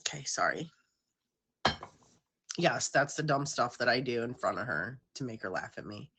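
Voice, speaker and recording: A woman's voice: extremely low pitch, expressive, moderate pace, a bit bright, slightly rough. A woman hosting a casual livestream, talking straight to her viewers in a rambling, chatty, self-conscious way. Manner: talks directly to viewers. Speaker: livestream host.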